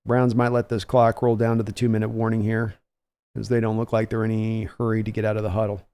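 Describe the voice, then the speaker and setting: A man's voice: lowish voice, completely flat delivery, fast talker, mellow, clear, resonant tone. A man hosting a live stream, giving casual play-by-play commentary and chatting with viewers between plays. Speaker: livestream host giving play-by-play reaction.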